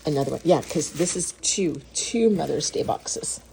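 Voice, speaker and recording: A woman's voice: sits low, lively intonation, normal speed, vocal fry, hardly any pauses, background noise. A woman food vlogger unboxing and tasting baked goods in her kitchen, gasping and gushing as she goes. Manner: gushing, gasps and moans over food. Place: home kitchen.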